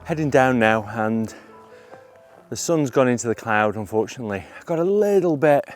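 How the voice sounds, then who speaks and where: A middle-aged man, a landscape photographer, talking through his shots outdoors on a hillside, with excited, breathless bursts of wonder. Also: medium pitch, normal speed, faint music behind. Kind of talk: outdoor vlog narration.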